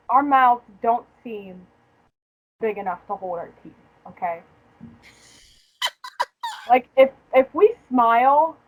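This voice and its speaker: A young woman podcast host with a fairly high voice tells stories in casual chat, sounding like she's on a phone line. She's profane and joking, laughing often.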